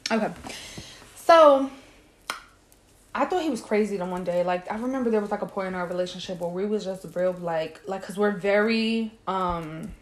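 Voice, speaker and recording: A woman's voice: mid-range voice, moderate pace, slight background noise. A young woman co-hosting a podcast, chatting casually and acting out the people in her stories with slang. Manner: animated storyteller, acts out quotes, slangy. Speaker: podcast co-host. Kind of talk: casual chat.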